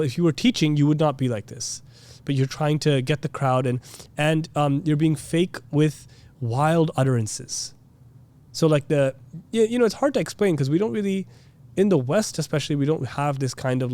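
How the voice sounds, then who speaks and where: A man's voice: medium pitch, a little mellow. A man giving a casual religious lesson, chatty and full of "you know" and "like", now and then mimicking preachers. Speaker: Islamic teacher. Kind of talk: casual classroom lecture.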